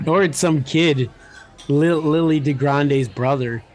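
Higher-voiced joking male podcast co-host. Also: darkish tone. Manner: joking and quick to riff. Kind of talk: casual comedic chat.

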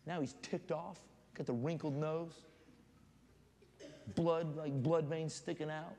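A man preaching as a guest pastor in a church, reading scripture aloud and telling animated stories. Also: fairly high pitch, slow pace. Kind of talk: sermon. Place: church sanctuary. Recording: long hall reverb, faint room noise.

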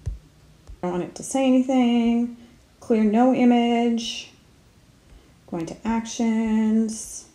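A woman's voice: fairly high pitch, steady tone, takes it slowly, pauses often, warm tone, roomy sound. A woman, a speech therapist, narrating a step-by-step app tutorial, talking herself through each click with casual fillers. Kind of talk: screen-recorded app tutorial.

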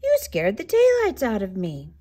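A woman reading a storybook aloud, voicing a tiny, stern but modest old mother with high startled cries and a scolding tone. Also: big pitch swings, measured pace.

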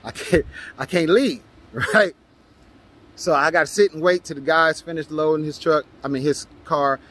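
A man recounts a tense street scene to his channel. His voice sits a little high for a man and turns lively as he acts out the shouting. The delivery is loose and conversational. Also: normal speed. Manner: animated, acts out his own shouts and quotes. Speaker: vlogger telling a story. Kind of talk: casual storytelling monologue.

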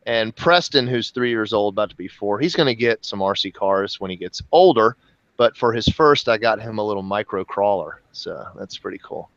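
A man in his thirties co-hosts a casual chat, chatty and quick to joke. His voice comes through a slightly dull, muffled mic with a dry sound. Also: fairly low pitch, expressive, a bit bright, no echo. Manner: chatty, joking. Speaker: co-host.

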